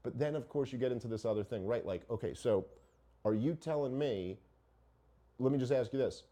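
A middle-aged man holding forth as a podcast host, animated and argumentative, swearing freely and firing off rhetorical questions. His voice is warm and mellow, sitting at an ordinary middle pitch. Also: fairly quick. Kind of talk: casual opinionated chat.

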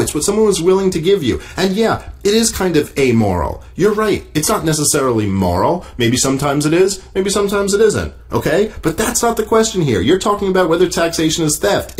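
A man hosting a solo podcast, reading an article aloud and tearing into it in a profane, exasperated, mocking way. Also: high-pitched. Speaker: podcast host.

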